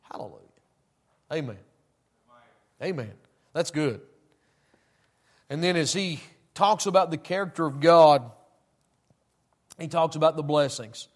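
A man preaching a sermon, swinging between loud emphasis and quiet asides. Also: fairly high pitch, unhurried, pauses often, breathy edge.

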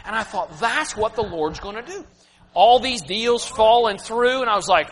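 A man in his thirties preaching a personal, emotional sermon, swinging from loud to hushed. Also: high-pitched, lively intonation, normal speed. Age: 30s. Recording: reverberant hall, faint hum.

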